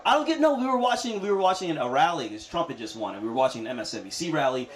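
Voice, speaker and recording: Lively young man doing stand-up. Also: on the high side, rapid-fire, a crowd in the background. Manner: conversational, playful, punchy delivery with frequent asides. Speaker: stand-up comedian. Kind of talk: stand-up comedy set. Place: comedy venue with audience laughter. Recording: roomy live club sound.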